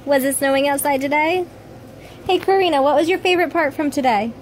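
A woman filming her family at home, chatting with her kids in playful baby talk that turns quiet and tired late at night. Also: sits high, brisk, slight background noise, rough recording. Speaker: mother and family vlogger. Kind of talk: casual home video chat.

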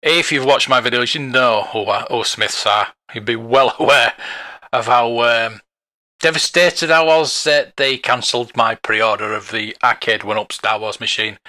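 A man talks through a casual vlog review in a chatty, meandering way, with frequent chuckles. His voice sits at an ordinary middle pitch but comes across bright and forward. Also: animated, unhurried. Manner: chatty, rambling, chuckles often. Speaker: toy collector vlogger.

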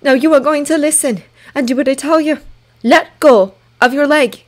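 A woman voicing a tender, protective shapeshifter girl who speaks softly and calmly. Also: fairly high pitch, moderate pace, pitched above the performer's own voice, lightly acted. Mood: firm. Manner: soft, soothing, calm.

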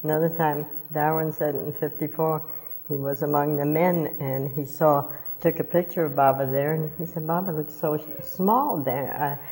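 A woman's voice: fairly even intonation, moderate pace, warm tone. An older woman telling personal memories to a gathering, laughing often and acting out what was said in a raised voice. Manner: laughs often, acts out quoted lines in a high voice. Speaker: family member recounting memories. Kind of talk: casual storytelling to a group. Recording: long hall reverb.

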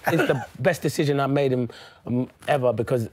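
A man tells stories quickly, chuckling often as he goes. His voice sits at an ordinary middle pitch and is recorded dry and close, with no room sound. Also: a little mellow, no room sound. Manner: chatty, laughing storyteller. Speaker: former footballer guest. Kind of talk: casual studio chat. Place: studio.

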